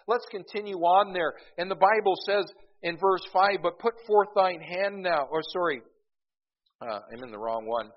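A man delivering a sermon, talking conversationally and doubling back over his words. His voice sits high and grows louder when he presses a point. The recording is muffled and lo-fi. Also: moderate pace. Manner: conversational, repeats words, rises in volume for emphasis. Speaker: preacher. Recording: dull, lo-fi recording.

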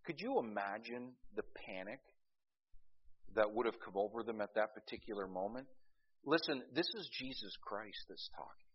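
A male pastor preaching a sermon, swinging between loud urgency and quiet intensity, with folksy asides and frequent restarts. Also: fairly high pitch, animated, normal speed, slightly rough, lo-fi sound.

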